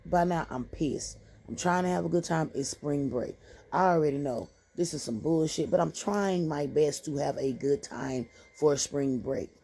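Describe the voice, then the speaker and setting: A woman telling a casual storytime anecdote in a profane, animated, slangy way. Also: low-pitched, normal speed, slightly rough.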